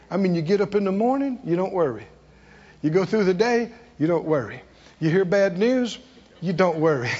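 A male preacher, preaching with rhetorical questions and sudden swings between soft and loud. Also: high-pitched. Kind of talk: sermon. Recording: dull, echoey hall.

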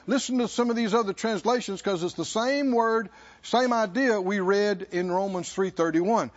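A man preaching a sermon, asking the congregation for responses and slowing down to stress key words. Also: high-pitched, highs cut off. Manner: call-and-response preaching, slows for emphasis. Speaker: pastor.

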